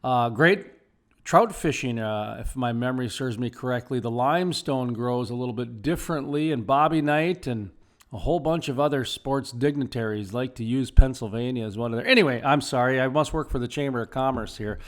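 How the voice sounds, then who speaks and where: Talkative radio host guy, mid-pitched, rambles a bit and cracks jokes at himself. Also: brisk. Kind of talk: radio interview.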